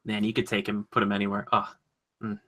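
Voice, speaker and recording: A man co-hosting a podcast, talking casually and enthusiastically, full of "like" and quick asides. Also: fairly low pitch, completely flat delivery, a bit bright, slight background noise. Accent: Minnesotan. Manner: enthusiastic, rambling, lots of "like". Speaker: podcast co-host. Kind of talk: casual chat.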